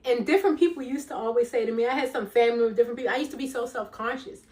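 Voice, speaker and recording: A middle-aged woman life coach giving a motivational talk in an emphatic, preacherly way, with a loud, commanding voice, calling listeners "baby" and "girl.". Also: fairly high pitch, very fast, recorded from a distance. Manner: self-described loud, commanding voice.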